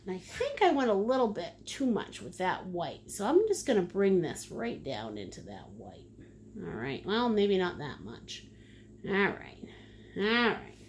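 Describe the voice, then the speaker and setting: A woman's voice: medium pitch, fairly bright tone. A woman leading a live painting lesson, chatty and playful, with sing-song asides. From United States. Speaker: painting instructor.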